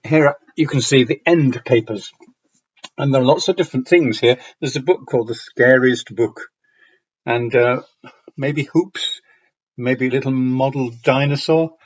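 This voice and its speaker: A man from Yorkshire with a Yorkshire accent, giving a conference talk on reading aloud with clear diction and a slight storytelling lilt. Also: mid-range voice, measured pace, muffled recording. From Yorkshire, northern England. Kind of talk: lecture with read-aloud examples.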